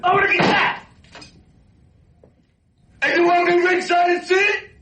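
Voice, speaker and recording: An actor playing a bitter, struggling boxer, shouting a tirade in a film scene. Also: male voice, very high voice, little pitch movement, a little slow, distant mic. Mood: furious ranting. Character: bitter, struggling male boxer in his thirties. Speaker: film character. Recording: roomy film clip from afar with faint hiss.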